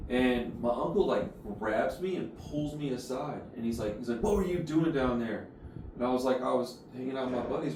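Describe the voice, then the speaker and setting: A man's voice: medium pitch, darkish tone. A man hosting a casual chat, laid-back and slangy. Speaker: podcast host. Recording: echoey room, far from mic, faint noise.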